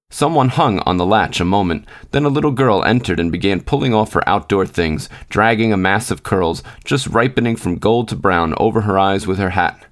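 A man reading a literary short story aloud as a podcast storyteller, steady and unhurried. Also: on the low side. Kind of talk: measured literary narration.

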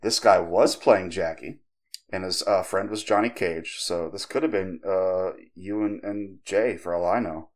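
Low-voiced man telling a creepy story. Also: measured pace. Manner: conversational, profane, animated when quoting others. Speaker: podcast host. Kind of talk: casual storytelling.

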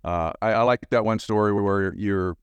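A man with a fairly low, smooth, resonant voice hosts a podcast interview, rambling through his questions with plenty of fillers. His voice sounds dry and close to the mic. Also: normal speed, dry recording, dull audio. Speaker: podcast host. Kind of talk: interview conversation.

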